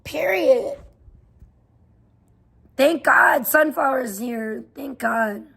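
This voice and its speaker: High husky-voiced woman ranting on a livestream. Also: expressive, very slow. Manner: profane, defensive, swings between mutter and loud outbursts. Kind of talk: casual livestream rant.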